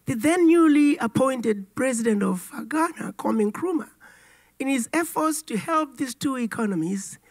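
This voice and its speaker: A woman giving a formal address to an audience, her voice raspy and hoarse from a cold, telling history in a measured, lightly humorous way. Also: high-pitched, animated. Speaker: keynote speaker.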